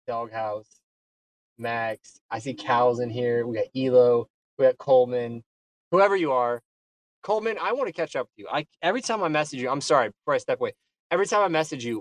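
A man speaking casually on an online community call, effusive and often restarting his words. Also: mid-range voice. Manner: hesitant, repeats words, effusive. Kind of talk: casual chat.

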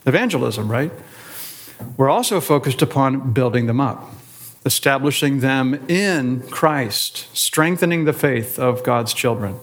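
A man, a pastor, teaching an adult Sunday school class in a deliberate way, stressing words in short listed phrases and asking rhetorical questions. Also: medium pitch.

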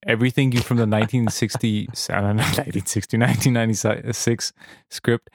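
A man's voice: medium pitch, steady tone, a little fast, no echo, clean studio sound. A man co-hosting a casual podcast, joking and stumbling over his words. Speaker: podcast co-host. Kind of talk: casual chat.

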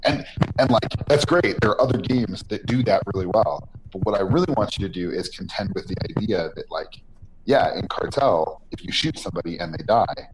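A man being interviewed as a game designer, talking earnestly and tagging his points with "right?". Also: low voice. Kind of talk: podcast interview. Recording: noisy line.

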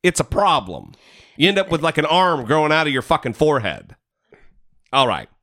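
Animated, profane man ranting on a podcast. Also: on the high side, moderate pace. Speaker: podcast co-host. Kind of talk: casual podcast chat.

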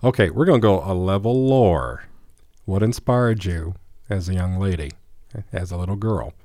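Low-voiced male radio host. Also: normal speed, warm tone, no echo, clean studio sound. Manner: conversational, with stumbles and repeats. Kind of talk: radio interview. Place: radio studio.

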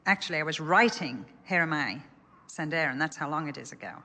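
A woman's voice: low-pitched, animated, brisk, bright, forceful tone. An older woman telling an earnest personal story in a sermon. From England. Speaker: speaker. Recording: echoey hall.

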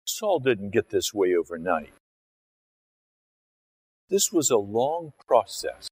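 Slow-speaking male pastor preaching. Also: on the low side, sing-song, darkish tone, slightly rough, low-quality recording. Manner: conversational, acts out scenes with his body and voice. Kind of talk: sermon.

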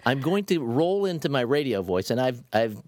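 Lively-voiced man co-hosting, dry sound. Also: medium pitch, normal speed, no room sound. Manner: chatty, lively, some stammered starts. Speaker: podcast co-host. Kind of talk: casual podcast chat. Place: home in Florida.

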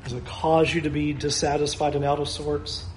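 A man's voice: on the high side, flat delivery, normal speed, a little mellow, echoey room, slight background noise. A man preaching a sermon as pastor, earnest and repetitive, asking his listeners question after question.

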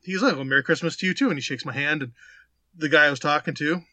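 A man's voice: on the high side, fast talker, dry recording. A man casually telling a funny anecdote as a podcast co-host, acting out quotes and swearing freely. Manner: animated anecdote teller, swears, acts out quotes. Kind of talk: casual chat, storytelling.

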